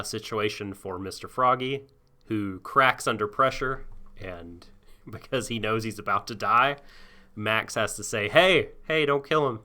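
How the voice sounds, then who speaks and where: Low-ish guy with a really bright sharp tone, chatty anime podcast recap. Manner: rambling, recaps with fillers and sighs. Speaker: podcast co-host. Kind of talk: casual anime discussion.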